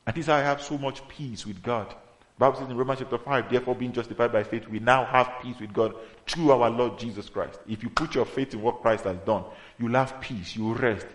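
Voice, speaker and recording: A man preaching a sermon, in an emphatic manner that rises to loud exhortation. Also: mid-range voice, fairly quick. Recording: echoey room.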